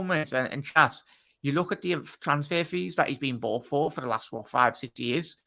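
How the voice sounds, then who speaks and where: A man's voice: fairly high pitch, moderate pace, vocal fry, pushed and bright. A man as a guest on a football show, blunt and opinionated in casual chat. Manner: blunt, opinionated, says mate a lot.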